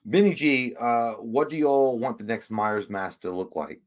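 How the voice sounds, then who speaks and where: A man's voice: medium pitch, normal speed, hardly any pauses. A man hosting a casual livestream, rambling and swearing, easily frustrated. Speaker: livestream host.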